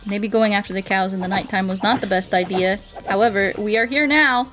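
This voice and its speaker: A woman's voice: medium pitch, brisk, fairly bright tone, soft background music. A woman streaming a game, chatting playfully with her viewers and breaking into silly songs and mooing. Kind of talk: casual gameplay commentary.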